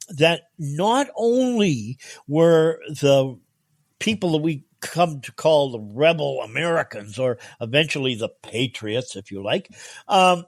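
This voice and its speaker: A man as guest co-host in a casual history podcast chat, animated and chuckling mid-sentence. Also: a little high, no room sound, studio quality.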